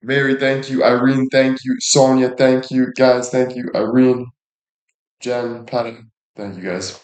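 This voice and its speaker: A livestreamer with a medium-pitched, darkish voice chats casually on a live stream in an echoey room, speaking unhurriedly in a level tone. He jokes around, curses freely and thanks viewers by name.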